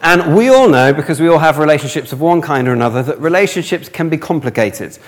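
A young man from northern England tells a funny, self-mocking story within a sermon, acting out the dialogue. His voice is fairly high, with lively intonation and a fast pace, and a long hall reverb surrounds it.

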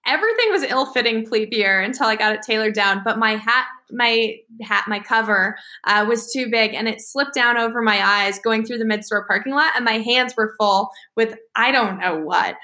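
Bright-voiced woman telling stories. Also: on the high side, moderate pace, few pauses. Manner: animated, acts out quoted voices. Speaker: interview guest, naval aviator and author. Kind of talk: casual interview storytelling.

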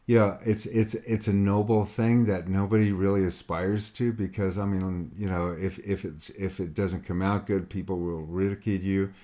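A man's voice: deep voice, level tone, normal speed, few pauses, warm tone. A middle-aged man giving an earnest motivational monologue to a listener, repeating his questions and acting out quoted voices.

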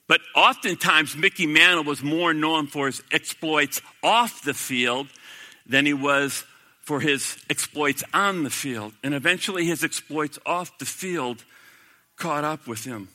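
Pastor guy preaching, really bright voice, kinda high, gets fired up then goes real quiet. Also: unhurried. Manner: impassioned, swelling to emphatic peaks then dropping to hushed quotes. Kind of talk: sermon.

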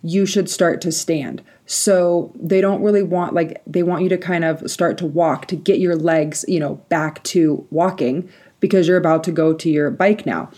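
A young adult woman hosting a solo podcast, telling a personal story in a lively, chatty way full of fillers and laughs. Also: fairly low pitch, moderate pace. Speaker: podcast host.

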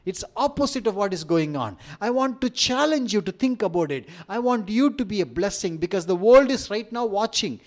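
A man's voice: sits high, animated, brisk, few pauses. Fervent Indian-accented male pastor preaching. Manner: emphatic preaching with rising emphasis and humorous asides. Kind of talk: sermon.

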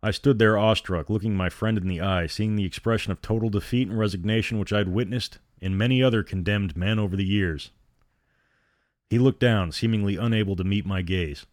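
A man narrating a scripted horror story in a steady, grim storytelling manner. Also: lowish voice, brisk, no room sound, studio quality.

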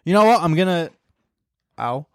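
A man's voice: fairly high pitch, expressive, normal speed, smooth, no echo. A young Australian man hosting a podcast, rambling crudely and self-deprecatingly in a casual comic monologue on a close mic. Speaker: podcast host.

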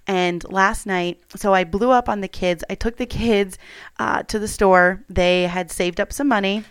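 A woman's voice: mid-range voice, steady tone, unhurried, clean tone, dry recording. A woman in her thirties, a mother, telling a personal story at home in a candid, chatty way with plenty of fillers.

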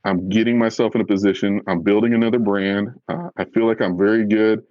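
A man's voice: fairly low pitch, steady tone, fairly quick, no echo, muffled recording. A man, a professional fisherman, talking candidly as a podcast guest, blunt and earnest, a self-described fiery man who gets right to the point.

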